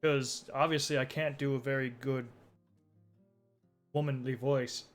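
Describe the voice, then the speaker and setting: A man's voice: medium pitch, steady tone, unhurried, soft background music. A young man chatting casually on a live stream, laid-back and rambling as he talks with his group.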